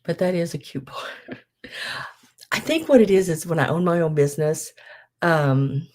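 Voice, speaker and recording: A woman's voice: sits low, animated, a little slow, a little mellow. A middle-aged woman, chatting casually on a live sale stream, gushing and trailing off with ums.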